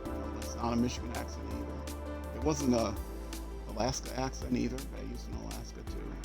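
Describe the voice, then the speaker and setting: A man's voice: medium pitch, sing-song, fairly quick, creaky, over loud music. A man giving casual gameplay commentary as a streamer, rambling and correcting himself, with jokey asides. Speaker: game streamer.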